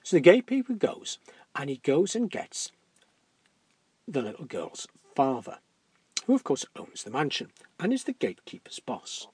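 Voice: mid-range voice, big pitch swings, moderate pace, darkish tone, breathy edge, no room sound. A storyteller telling a children's tale dramatically, dropping into whispers for suspense.

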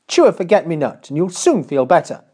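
A man's voice: fairly high pitch, big pitch swings, fairly quick, darkish tone, slightly rough, voice pushed up. A man voicing a brusque royal chancellor who waves off worries. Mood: dismissive.

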